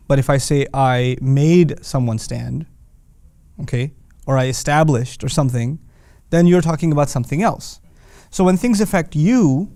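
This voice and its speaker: A man's voice: fairly high pitch, a little mellow, dry recording. Man explaining in a dry, close recording. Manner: conversational, explains with everyday examples. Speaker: teacher of Quranic Arabic. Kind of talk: casual explanatory lesson.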